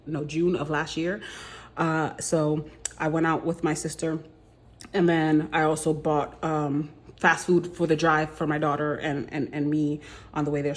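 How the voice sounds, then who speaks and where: Woman w a lowish voice rambling through her budget vlog, chatty, keeps correcting herself. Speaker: budgeting vlogger. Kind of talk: casual cash-stuffing budget vlog.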